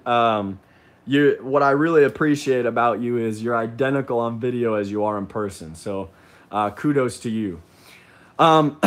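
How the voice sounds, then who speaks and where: Rambling man hosting a live chat. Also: medium pitch. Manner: rambling, with frequent ums and restarts. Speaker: livestream host. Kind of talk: casual live chat, reading viewer comments.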